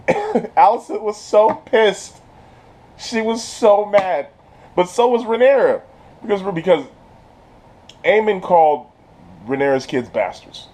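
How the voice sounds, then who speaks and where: Male host with a fairly high voice, animated and slangy, for a casual episode recap. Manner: animated, slangy, laughs often, restarts. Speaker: channel host reviewing a TV episode.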